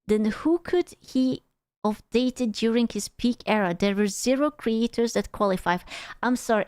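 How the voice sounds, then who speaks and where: Woman streamer from Europe, sweary and sarcastic, higher voice, dry close sound. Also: unhurried, darkish tone, clean tone, dry recording. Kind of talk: casual reaction stream.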